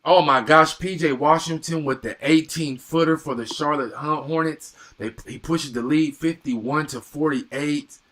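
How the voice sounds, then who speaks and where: A young man doing live play-by-play and reaction on a stream, reading viewer comments and bursting into excited exclamations. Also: fairly high pitch, measured pace, few pauses.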